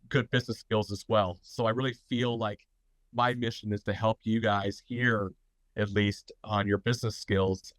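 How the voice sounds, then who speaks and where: A man with a fairly low, stuffy, congested voice, hosting a live online business talk. He rambles through his points, leaning on fillers and restarting his sentences. The recording is dry and close. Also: no room sound, low-quality recording. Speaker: host of a tattoo business talk.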